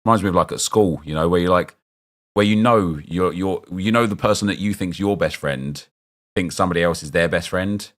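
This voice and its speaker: A man's voice: sits low, fairly quick, a bit bright. A young man chatting casually as he streams a football game, rambling and answering his viewers' chat as he reacts to picks.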